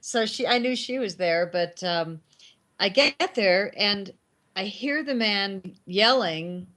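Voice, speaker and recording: A middle-aged woman, a guest filmmaker, telling animated anecdotes in casual talk and acting out the lines of the people in them. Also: medium pitch, takes it slowly. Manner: animated anecdotes with acted quotes. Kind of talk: casual storytelling.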